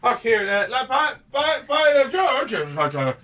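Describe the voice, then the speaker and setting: A man's voice: lively intonation, a little slow, sharp tone, a little hiss or hum, full character voice. A man with a Northern Irish accent voicing a foul-mouthed elderly male butcher in an improvised comedy sketch. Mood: flustered. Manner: profane, rambling, high strained delivery.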